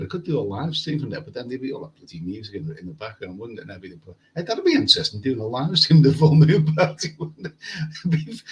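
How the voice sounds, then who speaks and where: A man's voice: on the high side, pushed and bright, low-quality recording. A man chatting casually on a live stream from a hotel room, rambling and repeating words as he reads comments. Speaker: travel vlogger. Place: hotel room with air conditioning.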